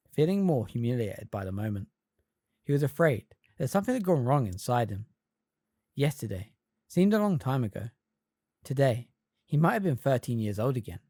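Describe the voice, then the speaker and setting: A fan reader narrating an audiobook with expressive storytelling. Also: medium pitch, no echo, studio quality. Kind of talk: scripted narration.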